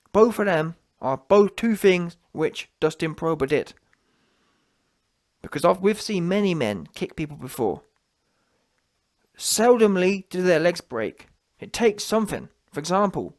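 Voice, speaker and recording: A man hosting a reaction channel, delivering a mocking rant in heavy slang and tagging his points with "yeah?". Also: sits high. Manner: taunting, repetitive, slangy, with frequent "yeah?" tags. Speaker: commentary channel host.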